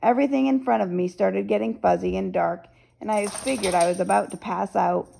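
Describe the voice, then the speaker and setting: A woman reading a novel aloud as first-person narrator, in a steady storytelling manner. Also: mid-range voice, a little fast, gravelly, rough recording. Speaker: audiobook narrator.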